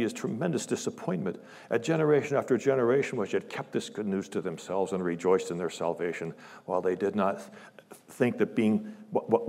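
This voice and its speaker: Male preacher, lowish voice, fervent sermon delivery with loud climaxes and hushed asides; large reverberant sanctuary. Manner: impassioned, swells loud on scripture quotes and drops to hushed asides. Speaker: guest preacher. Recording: long church reverb.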